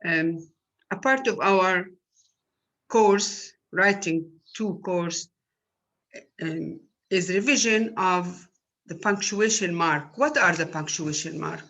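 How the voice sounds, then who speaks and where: A woman university lecturer, explaining a lesson slowly and patiently with many fillers. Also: lowish voice, fairly bright tone. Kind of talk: recorded online lecture.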